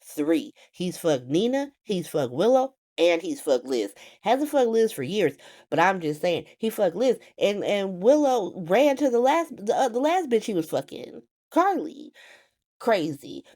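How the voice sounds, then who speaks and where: A woman with a mid-range voice recaps a soap opera at a measured pace, keeping it casual and animated. She swears often and laughs along the way.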